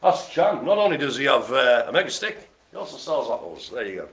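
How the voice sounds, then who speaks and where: A man's voice: mid-range voice, very animated, fairly quick, a bit bright. A man hosting a live online bingo game, rambling and joking as he stumbles over hard names. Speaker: bingo host.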